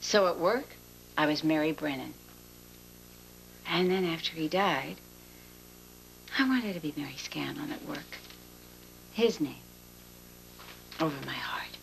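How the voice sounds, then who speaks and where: A woman's voice: low-pitched, lively intonation, a little slow, gravelly, long pauses, slight background noise, heavily acted, low-quality recording. An actress playing a chatty, teasing middle-aged widowed mother who laughs easily, in a TV drama. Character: wry, warm-hearted widowed mother. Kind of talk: daytime TV drama acting.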